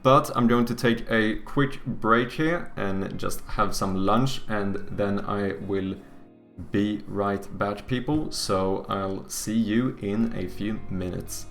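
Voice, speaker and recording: A man's voice: on the low side, fairly even intonation, slow, gravelly, fairly bright tone, soft background music. A man streaming live, thinking aloud casually as he codes and plays, swearing freely. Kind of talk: live stream commentary while coding and gaming.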